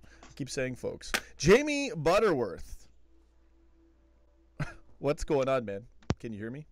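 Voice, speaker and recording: A man's voice: medium pitch, huge pitch swings, slow, a little hiss or hum. A man hosting a live call-in fan show, chatting casually and laughing often at his desk at home. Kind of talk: casual late-night live stream chat.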